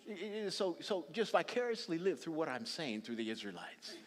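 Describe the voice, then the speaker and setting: A man preaching a sermon as a bishop, telling the story dramatically, acting out quoted voices and dropping from loud passages to hushed ones. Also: a little high, very animated, normal speed, some chatter behind. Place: large hall used for church services. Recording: long reverb of a large hall.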